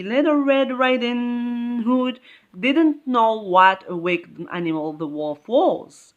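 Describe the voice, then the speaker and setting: Female English teacher, unhurried and animated, drills rules by repetition. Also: on the high side, muffled recording. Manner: slow, repetitive, emphatic explaining. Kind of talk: classroom grammar lesson.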